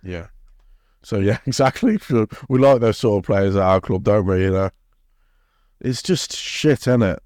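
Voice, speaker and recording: A man's voice: on the low side, measured pace, a little mellow, no echo, clean studio sound. A man co-hosting a football podcast, rambling and swearing, laughing often. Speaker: podcast co-host. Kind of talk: casual football chat.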